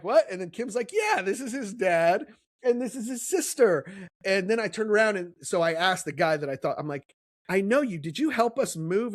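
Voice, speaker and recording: Middle-aged male podcast co-host, animated storyteller, a bit higher pitched. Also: no echo. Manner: animated storyteller, acts out quoted voices. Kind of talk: casual storytelling chat.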